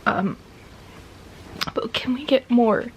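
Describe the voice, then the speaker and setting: A woman's voice: fairly high pitch, slow pace, a little mellow, a little hiss or hum. A woman talking casually about a romance novel she loves, with lots of fillers and whispered asides. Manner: gushing, filler-heavy, drops into whispers. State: tearful. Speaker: book reviewer. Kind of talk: casual book review vlog.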